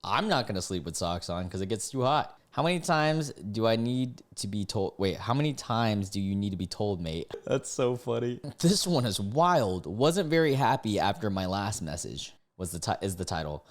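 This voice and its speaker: A young man reading dating app posts aloud and reacting casually, laughing and breaking into sudden high-pitched disbelief. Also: expressive, moderate pace, few pauses.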